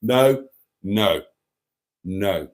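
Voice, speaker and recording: A middle-aged man hosting a casual live stream, reading out viewer comments and chatting in an animated, dramatic way that includes some swearing. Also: very slow. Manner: animated, dramatic, swears freely, lively pitch swings.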